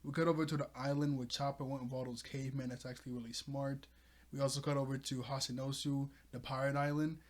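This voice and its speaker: A man's voice: mid-range voice, flat delivery, fast. A man giving a casual, rambling recap of a manga chapter, chuckling as he goes. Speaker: manga reviewer.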